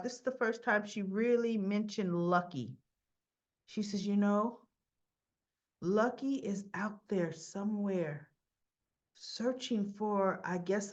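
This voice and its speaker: Woman gabbing about a soap, acts out all the lines, kinda muffled home recording. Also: medium pitch. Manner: chatty and opinionated, retells scenes acting out lines. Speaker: soap opera recap host. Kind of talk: casual chat.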